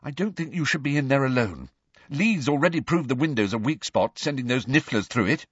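A man voicing a clever, anxious teenage schoolgirl who organises everyone, in a husky voice. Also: mid-range voice, expressive, fairly quick, no echo, lo-fi sound, pitched above the performer's own voice. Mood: earnest.

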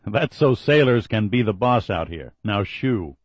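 A man's voice: on the low side, lively intonation, a little slow, dry recording, lo-fi sound. A man playing a laid-back ex-Navy sailor who explains things in an easygoing, wry way. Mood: teasing.

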